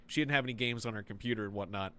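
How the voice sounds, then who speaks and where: A man casually commenting as he plays a video game, rambling through memories and reacting excitably. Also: lowish voice, rapid-fire, smooth. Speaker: gaming video host. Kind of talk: casual let's-play commentary.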